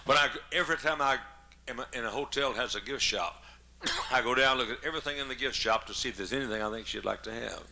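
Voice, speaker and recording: Gravelly older preacher, bright and folksy. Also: male voice, mid-range voice, quick pace. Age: 70s. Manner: folksy and joking, with frequent coughs. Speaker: pastor. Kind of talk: humorous sermon storytelling.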